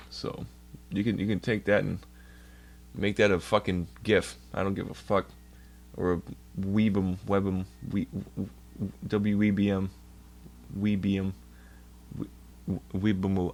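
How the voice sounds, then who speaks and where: A man chatting on his livestream, ranting profanely and swinging between mumbled asides and loud outbursts. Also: on the low side. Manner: profane ranting, swears constantly. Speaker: streamer. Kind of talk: casual stream chat.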